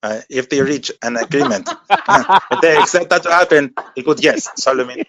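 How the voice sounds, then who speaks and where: A man doing an impression of an older boxing executive with a put-on Spanish accent, speaking in halting, over-enunciated broken English. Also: medium pitch, lively intonation, crowd noise, pitched above the performer's own voice, natural voice. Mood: formal.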